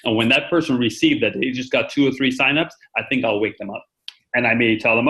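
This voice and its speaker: A man's voice: mid-range voice, fast talker, a bit bright, low-quality recording. A man hosting a conference call, chatty and rambling, with many fillers and restarts. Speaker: meeting host. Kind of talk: casual conference call talk.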